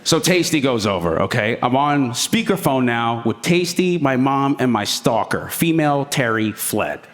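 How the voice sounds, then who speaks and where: A man's voice: mid-range voice, expressive, normal speed, in a large hall. A man doing stand-up storytelling on stage in a crude, rambling, profane way. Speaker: stand-up comedian. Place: comedy stage before an audience.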